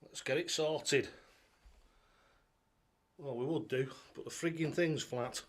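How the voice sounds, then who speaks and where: A man's voice: a little high, slow pace. A man hosting a casual live stream, rambling along in a chatty way and greeting viewers by name, recorded on a tablet at home. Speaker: live-stream host and darts coach.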